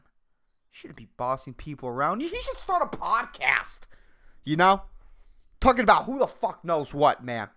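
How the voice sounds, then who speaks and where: A man hosting a solo podcast, rambling and swearing casually in a low, soft-spoken drawl, throwing in "man" and "dude". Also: wildly swooping pitch, normal speed. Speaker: podcast host.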